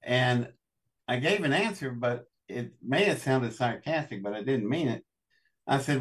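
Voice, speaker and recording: A man's voice: medium pitch, animated, a little slow, recorded from a distance. Older man from West Virginia, off-mic. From West Virginia, USA. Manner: folksy, chuckling storyteller. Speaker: guest. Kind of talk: storytelling interview.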